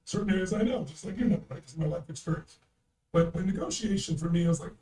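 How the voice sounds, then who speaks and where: A man's voice: high-pitched, quick pace, warm tone, recorded from a distance. An older man telling a story as a guest, in an emphatic, blunt way and swearing freely. He is recorded in a roomy space, away from the mic. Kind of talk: anecdotal storytelling.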